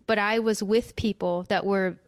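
A woman's voice: medium pitch, steady tone, moderate pace, dry recording, studio quality. A young adult woman telling an emotional personal story as a guest, with many fillers and restarts.

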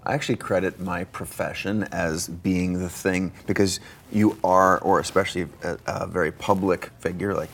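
A man hosting a live on-stage conversation, chatty and enthusiastic, with quick asides. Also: low-pitched, fairly even intonation, gravelly, fairly bright tone, slightly rough. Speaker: host, interviewer. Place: stage before a live audience.

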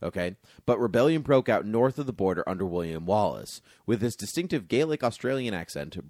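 Low-voiced man joking through a book reading. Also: dry recording, studio quality. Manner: jokey, animated asides while reading aloud. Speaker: podcast host. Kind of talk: casual chat, reading from a history book.

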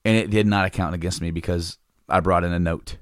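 A man with a fairly low voice tells a winding story in relaxed conversation, stumbling over restarts and breaking into laughter often. The sound is dry and close, with no room around it. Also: brisk, dry recording. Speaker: podcast guest telling a story. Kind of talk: casual storytelling chat.

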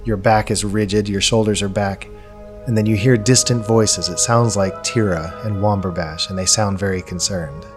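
A man narrating a tabletop game as game master, in slow, immersive second-person storytelling. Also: fairly low pitch, fairly even intonation. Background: faint music.

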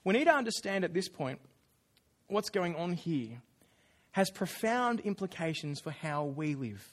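A man preaching a sermon, telling the story with lively, acted-out asides and quick self-corrections. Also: sits high.

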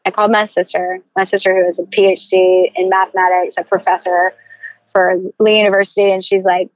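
Middle-aged woman chatting on a podcast, candid and lively, dull dry sound. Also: medium pitch, no room sound. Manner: animated, candid, quick storyteller. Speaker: podcast guest, entrepreneur. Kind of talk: casual interview storytelling.

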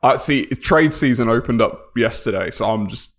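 A man's voice: mid-range voice, normal speed. A man co-hosting a podcast, chatting casually with teasing, laughing banter. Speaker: podcast co-host. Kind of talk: casual chat.

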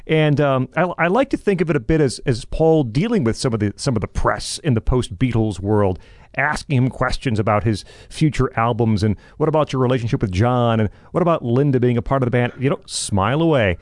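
A man's voice: medium pitch, a little fast, dry recording, clean studio sound. A man co-hosting a podcast, talking enthusiastically in a casual music discussion. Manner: enthusiastic, animated. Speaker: podcast co-host.

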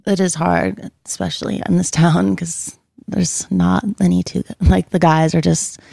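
Gravelly low-voiced woman. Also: level tone, unhurried, dark tone, dry recording. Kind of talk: casual chat.

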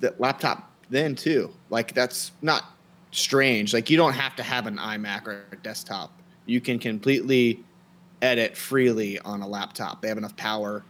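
A man co-hosts a relaxed photography podcast with a teasing, joking manner. His voice sits at an average pitch for a man. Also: normal speed, slight background noise. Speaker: podcast co-host. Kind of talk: casual podcast chat.

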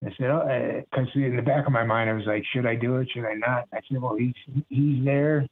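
Over tinny phone-line audio with slight background noise, a middle-aged voice actor from Ohio talks fast in a mid-range voice. He's an interview guest casually telling stories, animated, chuckling often and slipping into impressions.

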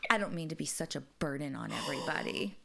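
Woman doing a low, half-whispered sulky old granny. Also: expressive, fast talker, gravelly, background noise. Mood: sheepish. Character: elderly grandmother, stubborn and sullen.

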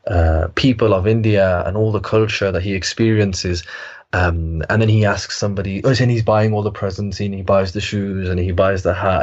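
Hesitant low-voiced man telling a tale. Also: a little mellow, dull audio. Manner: hesitant, many fillers and restarts. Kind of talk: reflective conversational storytelling.

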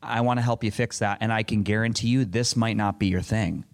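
Earnest rambling man, lowish voice. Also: steady tone, brisk. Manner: earnest, rambling, frequent restarts. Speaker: panel speaker. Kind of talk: conversational panel answer.

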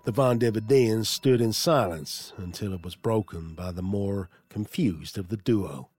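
A man's voice: lowish voice, measured pace, a little mellow, breathy edge, dry recording. A man narrating a comic audiobook in a wry storytelling manner.

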